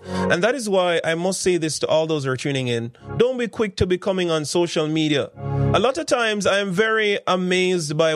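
A Jamaican man, a minister and radio presenter, telling chatty, self-deprecating stories to a congregation in a sermon-style talk. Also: fairly high pitch.

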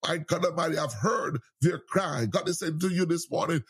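A male preacher delivers a sermon in a fervent, repetitive style, breaking in again and again with cries of praise. His voice sits a little high and sounds husky. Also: expressive, normal speed, few pauses. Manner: fervent, repetitive exhortation with frequent interjections.

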